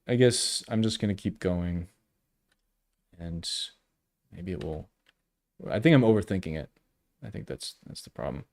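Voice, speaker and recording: A man in his early thirties with a somewhat low voice muses half to himself as he sketches, stopping and restarting his thoughts. He drops wry jokes at his own expense. The sound is close and dry, with no room around it. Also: gravelly, darkish tone, no room sound. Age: 30s. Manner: halting, self-questioning, trailing off often; wry self-deprecating humor. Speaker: artist streaming live. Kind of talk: casual think-aloud commentary while drawing.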